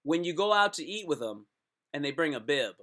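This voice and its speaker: A man's voice: a little high, sing-song, fairly quick, bright, forceful tone. A man live-streaming comedy, rambling and joking, often repeating himself.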